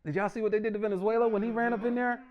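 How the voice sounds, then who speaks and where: A man doing a loud, animated stand-up comedy set in a small room, often slipping into mock voices. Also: high voice, rapid-fire, lo-fi sound.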